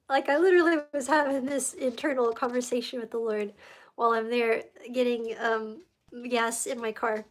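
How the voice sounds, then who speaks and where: A woman's voice: fairly high pitch, fairly even intonation, moderate pace. A woman hosting a livestream, telling a faith story in a rambling, emotional way and easily sidetracked. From United States. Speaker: livestream host. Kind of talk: casual faith testimony livestream.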